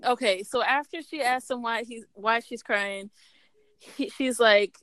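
A woman's voice: fairly high pitch, a little slow, a bit bright, clean tone, no echo. A woman co-hosting a podcast, casually recapping a story and quoting the characters. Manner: chatty, quotes characters with laughs. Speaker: podcast co-host.

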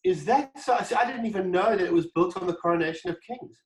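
Animated man, echoey room. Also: sits high, fast. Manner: animated, acts out quoted dialogue, frequent restarts. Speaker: guest, wine brand founder. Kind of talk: casual storytelling interview.

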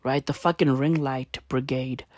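A woman doing a profane comedic rant, full of slang, swinging from loud outbursts to low mutters. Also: steady tone, measured pace. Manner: swears constantly, slangy, swings between shouting and muttering.

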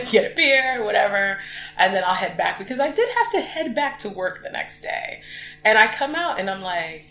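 A woman hosting a podcast, telling fan stories in an animated, laughing way. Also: medium pitch, moderate pace. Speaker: podcast host. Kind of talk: excited fan chat. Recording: echoey room with music behind.

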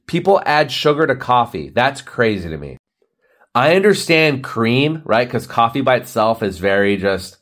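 A man in his thirties rambles through a solo comedic rant as a podcast host. His everyday mid-range voice keeps breaking into laughs and sudden high-pitched bursts. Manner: rambling, laughs often, jumps into high exclamations.

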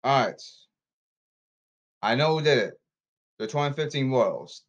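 A man ranting on his own podcast, repeating himself and calling people out, swinging from apologetic mutters to shouts. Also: mid-range voice, expressive, unhurried, muffled recording. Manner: repetitive, emphatic, calling people out. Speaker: podcast host. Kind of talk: rambling solo podcast rant.

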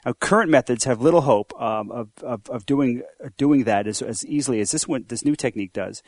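A podcast co-host explains science news in a casual, halting way, often repeating words as he goes. His voice is medium in pitch and recorded dry, with no room echo. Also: a little mellow.

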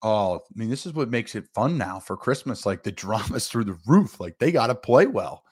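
A man who once played pro football, talking as a guest on a sports radio show and stressing his points with big jumps in pitch. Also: sing-song, normal speed, breathy edge. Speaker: guest, former NFL player. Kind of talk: casual sports radio talk.

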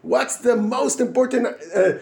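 Man, rabbi, informal Torah talk; high voice with gravel, halting, mixes Hebrew terms into English. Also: darkish tone. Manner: halting, with frequent restarts and fillers; asks and answers his own questions. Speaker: yeshiva rabbi giving a weekly Torah talk.

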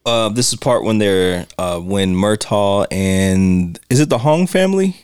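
Expressive man co-hosting a film chat. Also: on the low side, measured pace, clean tone, no echo, studio quality. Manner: relaxed, recounts scenes, quotes lines. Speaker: podcast co-host. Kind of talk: casual film commentary chat.

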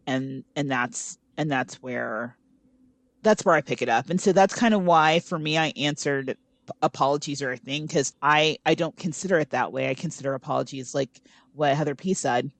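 A man who works as a coach, speaking in a measured, thoughtful way in a casual group discussion. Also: on the high side, creaky, fairly bright tone, no echo.

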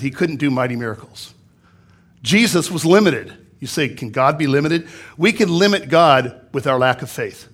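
A male pastor with a fairly high voice preaches to his congregation in a church. He reads scripture aloud, then unpacks it and drives points home with emphatic repetition. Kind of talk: sermon. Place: church sanctuary.

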